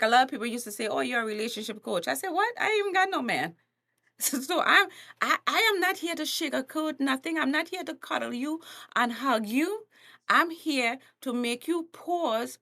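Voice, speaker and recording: Blunt, high bright Trinidadian woman. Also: vocal fry. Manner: blunt, laughing, acts out quotes. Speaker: coach and comedian guest. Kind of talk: animated podcast conversation.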